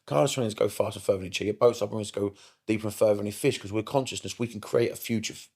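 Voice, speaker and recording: A middle-aged man, a therapist guest on a casual podcast, talking in an animated way, swearing often and repeating himself for emphasis. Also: fairly low pitch, fast, husky. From United Kingdom.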